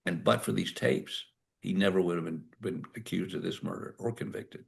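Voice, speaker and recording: An older man speaks in a very deep voice with a gravelly edge. He tells courtroom stories at a book talk, acting out each exchange. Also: moderate pace. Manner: anecdotal, acts out dialogue. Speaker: author and former prosecutor.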